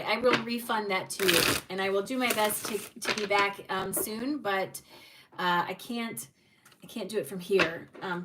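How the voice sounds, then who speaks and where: A woman's voice: medium pitch, recorded from a distance, heavy background noise. A woman giving tarot card readings on a livestream, speaking encouragingly and addressing viewers by name.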